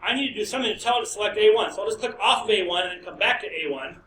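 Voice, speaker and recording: A man's voice: sits high, very fast, pushed and bright. A middle-aged man, a professor, lecturing a class in a chatty way, with storytelling asides. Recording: echoey classroom, distant mic, faint noise.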